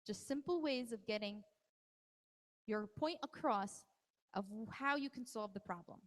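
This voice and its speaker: Speaking at a measured pace, a parenting workshop presenter with a high voice addresses a large hall live, her speech echoing with a long reverb tail. She keeps things chatty and ribs people in the audience by name.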